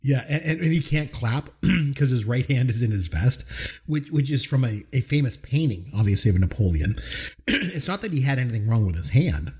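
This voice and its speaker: A man co-hosting a podcast, retelling film scenes in an animated, rambling way and laughing often. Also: mid-range voice, normal speed. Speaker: podcast co-host. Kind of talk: casual film discussion.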